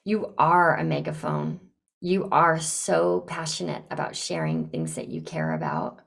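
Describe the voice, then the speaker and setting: A woman coaching a client live on a podcast, encouraging and direct, acting out lively examples. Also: low voice, a little slow, gravelly. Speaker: business coach and podcast host.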